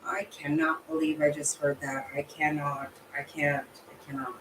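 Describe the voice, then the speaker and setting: Woman reacting to a stream, cusses a lot, pretty low voice, faint hum of room noise behind her. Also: flat delivery, measured pace, a bit bright, low-quality recording. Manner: blunt, swears often, outraged exclamations. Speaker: channel host reacting to a livestream guest. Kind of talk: casual reaction chat.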